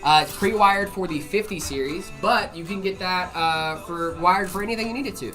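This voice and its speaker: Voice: mid-range voice, normal speed, pushed and bright, faint music behind. A livestream host who chats casually while answering viewer questions about PC hardware, loose and filler-heavy, reading chat aloud.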